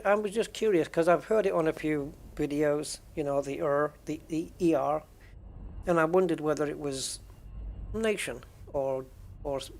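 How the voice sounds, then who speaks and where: A man's voice: on the high side, vocal fry, a little hiss or hum. An English man streaming a game, chatting casually with viewers in a musing, hesitant way with many restarts. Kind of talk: casual livestream chat with viewers.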